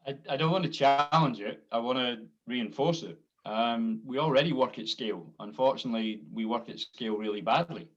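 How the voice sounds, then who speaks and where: A man's voice: medium pitch, fairly quick, few pauses, dull audio. A man on an online panel discussion, talking bluntly, swearing now and then and acting out quoted conversations. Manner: blunt, swears, acts out quoted exchanges with laughs. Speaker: panel participant.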